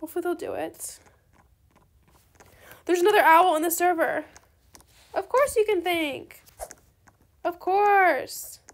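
A young woman giving chatty, excitable commentary on her own game trades, talking straight to her viewers. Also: extremely high pitch, slow, long pauses. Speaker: gaming video creator. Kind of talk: casual gameplay commentary.

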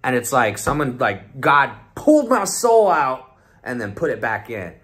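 A young man with a bright, sharp voice tells a wild story in a loose vlog style. He rambles, swears constantly, and acts out his friends' lines as he goes. His pitch sits in the middle range. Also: wildly swooping pitch, a little slow. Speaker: vlogger telling a trip report. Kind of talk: casual storytelling.

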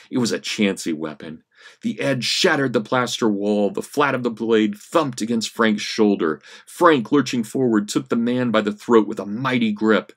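A history professor reading a story aloud in class, expressive, rising for action and dropping low for menace. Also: male voice. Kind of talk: dramatic reading of a story in a lecture.

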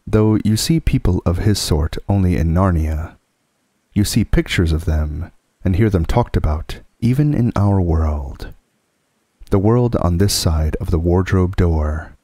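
A man reading a classic children's book aloud as a calm, soothing sleep story. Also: deep voice, no room sound.

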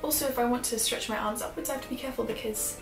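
Showing off her tiny flat, a young Australian vlogger chats in a bright, slightly high voice at a racing pace, her accent sometimes sliding toward British. She's giggly and chatty, full of fillers. The small room echoes, and soft music plays underneath.

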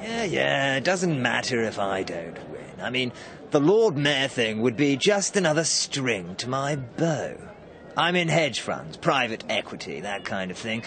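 A man's voice: mid-range voice, sing-song, a little slow, a bit bright. A man playing a smug, sneering rich banker villain in a school pantomime. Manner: boastful, sneering.

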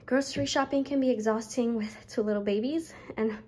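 A woman's voice: on the high side, fairly quick, a little mellow, low-quality recording. A young woman chatting casually through her grocery haul at home, a little out of breath, with many fillers. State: pregnant, slightly out of breath. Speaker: vlogger.

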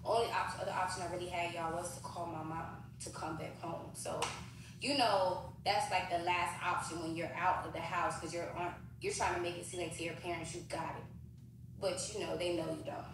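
A woman's voice: on the low side, moderate pace. Woman telling a story in an echoey room. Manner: animated, addresses viewers as "y'all". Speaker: storyteller in a played clip. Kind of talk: casual storytime. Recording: echoey room from far off, noisy.

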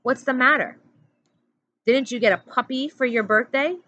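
A woman's voice: high-pitched, moderate pace, bright, forceful tone, no echo, voice pushed up. A woman voicing a stern, cold female camp warden who questions sharply, in a storybook read-aloud with a dull sound.

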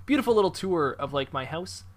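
A man giving casual, excitable commentary while playing a video game, chatty and quick to exclaim. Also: fairly high pitch. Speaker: gamer.

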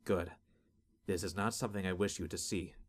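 A man's voice: deep voice, steady tone, brisk, lightly acted. A man voicing a grim, earnest young male sorcerer in a restrained way.

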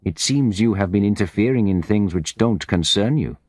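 A man's voice: on the low side, lively intonation, moderate pace, darkish tone, dry recording. A man voicing a greedy, menacing businessman in an audiobook, speaking in an arrogant, threatening way.

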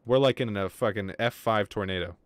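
A man's voice: lowish voice, fairly quick, no room sound. Joking, swearing male game streamer. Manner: rambling, joking, swears a lot. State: wheezy breathing from asthma. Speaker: gaming streamer. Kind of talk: casual livestream chat.

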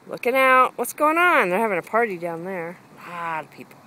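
A woman's voice: mid-range voice, normal speed, creaky, long pauses, bright, forceful tone, slight background noise. A woman filming her dogs in a backyard on a handheld camera, calling and coaxing them in a sing-song voice. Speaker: dog owner filming her pets. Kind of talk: casual home video narration. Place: backyard outdoors by a fence.

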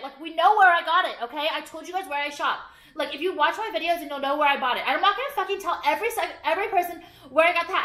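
Brief: young woman vlogger, bright and sharp voice, rambling profane rants, echoey room. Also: sits high, animated, fast. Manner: rambling, profane, irritated, lots of "like". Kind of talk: casual ranting vlog.

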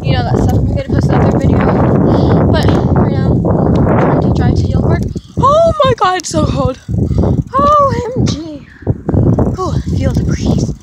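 A woman vlogging outdoors in the cold, chatting casually and exclaiming over and over. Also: high-pitched. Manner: excitable, keeps exclaiming. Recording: loud outdoor noise.

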